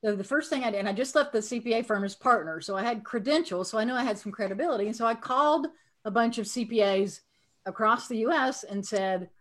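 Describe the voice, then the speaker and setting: A middle-aged woman with a Southern US accent recounts her career story as a podcast guest in a casual chat, frank and self-deprecating. Her voice is a little high and fairly bright, and she talks fast.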